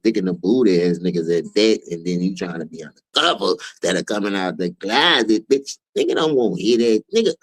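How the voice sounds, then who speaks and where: A man's voice: low voice, dry recording, low-quality recording. A man from New Orleans with a New Orleans accent, hosting his own stream and ranting in heated, profane, preachy commentary. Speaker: streamer host.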